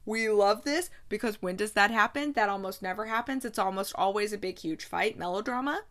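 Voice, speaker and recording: Young woman host, casual movie recap, chatty and gushing, mid-pitched voice. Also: fairly quick, a bit bright. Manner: gushing, chatty, laughs often while retelling scenes.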